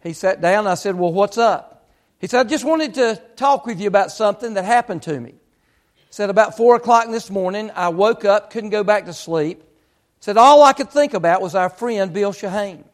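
A man's voice: high-pitched, moderate pace. A man preaching, retelling a story with lots of quoted speech in an earnest, building way. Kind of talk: sermon storytelling.

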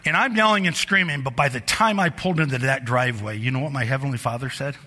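A middle-aged man preaching a sermon in a church, telling personal stories in an animated way that climbs higher and louder as the story builds. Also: fast talker. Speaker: pastor. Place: church sanctuary. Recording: long hall reverb.

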